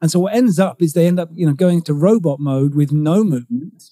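Male guest, middle-aged, very dark mellow voice, slightly high, dry sound, expressive and explanatory. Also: a little fast, no echo. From United Kingdom. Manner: expressive, explanatory, emphatic on key words. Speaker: guest, communication coach. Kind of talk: conversational interview.

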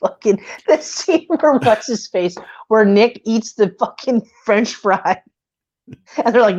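Woman co-host, casual chat, swears a lot, lively swooping pitch, dull lo-fi sound. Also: takes it slowly. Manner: animated, laughing, swears freely.

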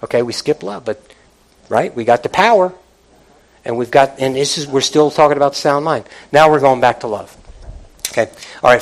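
A man preaching a sermon in an animated, conversational way, asking the congregation questions and acting out quoted voices. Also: mid-range voice, fairly quick, long pauses, rough recording.

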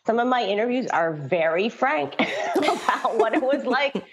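A woman's voice: a little high, lively intonation, measured pace. A middle-aged woman, a children's book author, talking in a casual interview, chatty and frank, laughing often between restarts. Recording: dull lo-fi audio.

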